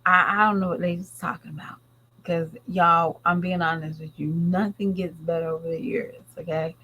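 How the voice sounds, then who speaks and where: Blunt chatty woman vlogger, low voice. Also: level tone, moderate pace, bright, forceful tone, slightly rough, dull audio. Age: adult parent. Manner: chatty, blunt, rambling, talks straight to viewers. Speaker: vlogger talking to viewers. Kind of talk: casual commentary chat.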